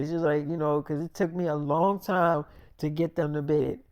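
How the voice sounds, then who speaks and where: A speaker telling a freestyle role-play story, answering in a low, hushed, slangy way. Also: steady tone, normal speed, clean tone, no echo.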